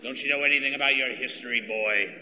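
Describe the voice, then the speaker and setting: An actor playing a cocky, menacing pirate captain with a gruff, mocking manner. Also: male voice, mid-range voice, fairly even intonation, fast, sharp tone, echoey room, long reverb tail.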